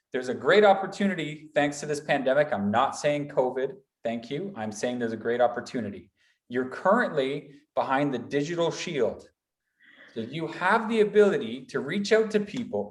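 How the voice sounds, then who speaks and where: A man presenting a motivational workshop, talking in lively repeated lists like a college instructor. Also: mid-range voice, echoey room. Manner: animated, builds repetitive lists.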